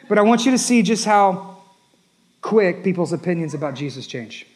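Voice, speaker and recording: A man's voice: high voice, sing-song, normal speed. A man preaching a sermon as a pastor, emphatic and repetitive, rising and dropping his voice for effect.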